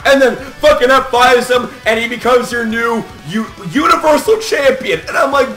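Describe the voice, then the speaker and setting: A young man with a high, bright voice reacts to wrestling results in a fast, profane, fired-up rant. He leans on "like" and "man" as he talks. The room adds a noticeable echo, and faint music plays underneath. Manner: animated, profane, hyped, repeats "like" and "man". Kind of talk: casual excited reaction rant.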